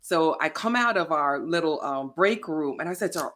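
Woman, podcast guest, very lively pitch, storyteller who acts out quotes. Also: normal speed. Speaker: guest, plant-based lifestyle influencer. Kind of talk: casual podcast chat.

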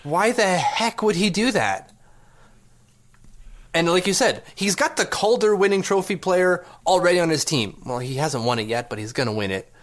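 A man's voice: sits high, lively intonation, moderate pace. A man hosting a sports podcast, ranting sarcastically with rhetorical questions. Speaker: podcast host. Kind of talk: casual sports podcast rant.

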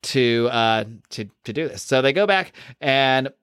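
Animated man on a dry mic. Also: mid-range voice, measured pace, clear, resonant tone, dry recording. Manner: rambling, animated with laughter and side rants. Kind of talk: casual chat recapping comics.

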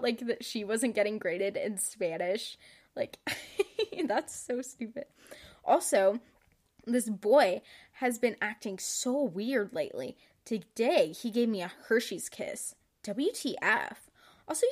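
Young woman podcaster reading her old diary, snarky and giggly, swears a lot, kinda high voice that jumps all over. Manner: sarcastic, giggly, swearing freely. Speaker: podcast host. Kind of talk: casual chat reading old journal aloud.

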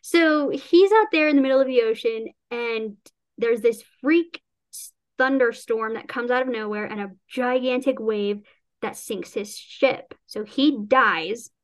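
A woman's voice: fairly high pitch, a little slow. Chatty woman rambling about her novel. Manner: chatty, rambling with restarts and acted-out quotes; laughs often while talking. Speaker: author discussing her novel. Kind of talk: casual chat.

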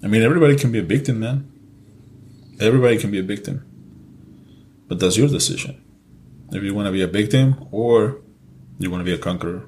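A man's voice: lowish voice, fast talker, long pauses, darkish tone, a little hiss or hum. A man with a Mexican accent, Spanish his first language, co-hosting a casual podcast in an earnest, repetitive way, swearing freely. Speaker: podcast co-host.

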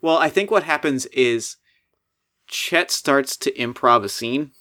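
A man's voice: medium pitch, takes it slowly, sharp tone. A man playing in an improvised tabletop role-play, talking in a rambling, hesitant way. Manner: rambling, hesitant, full of fillers. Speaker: player.

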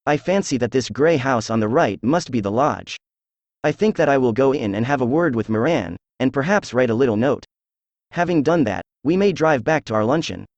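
A synthetic male voice reading a calm, precise detective. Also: medium pitch, no room sound, lo-fi sound, close to an everyday voice. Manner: even, measured synthetic delivery.

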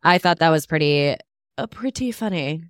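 A woman's voice: low voice, animated, moderate pace, smooth, dry recording, clean studio sound. A woman co-hosting a podcast in casual chat, recounting details at length in a matter-of-fact way. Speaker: podcast co-host. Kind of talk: casual chat among friends.

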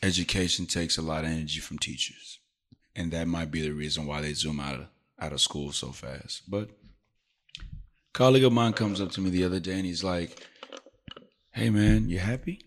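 A middle-aged man with a lowish voice tells a story from his school in a relaxed, chatty way. He slips into his coworkers' voices as he acts out what they said. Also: brisk. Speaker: podcast host, teacher. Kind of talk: casual storytelling chat.

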